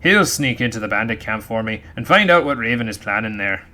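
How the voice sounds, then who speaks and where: A man's voice: mid-range voice, animated, fairly quick. A man putting on a pirate voice to read a grumbling pirate captain's logbook aloud. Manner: loud, growling pirate voice. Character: grumbling male pirate captain writing his log.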